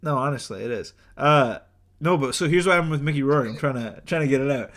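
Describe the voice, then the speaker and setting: A man's voice: mid-range voice, fast talker, fairly bright tone. A young man co-hosting a podcast, telling a celebrity story in casual chat with lots of fillers and acted-out quotes. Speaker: podcast co-host.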